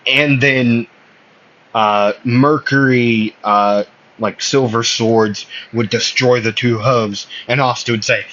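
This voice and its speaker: A man's voice: mid-range voice, fairly even intonation, slow pace, fairly bright tone. A man casually telling an anime fan story, rambling and hesitant, with many fillers and self-corrections, on a slightly muffled recording. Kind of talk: casual spoken fan fiction.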